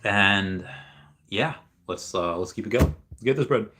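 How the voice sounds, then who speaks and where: A man's voice: lowish voice, measured pace, noisy background. A young man hosting a casual livestream, rambling in an upbeat way as he reads viewer comments aloud. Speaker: livestream host reading chat.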